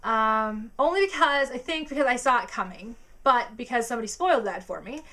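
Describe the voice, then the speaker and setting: Young woman vlogging, bright slightly high voice, gushes and squeals a lot. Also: brisk. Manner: excitable, gushing, squeals and filler words. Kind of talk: casual anime chat to camera.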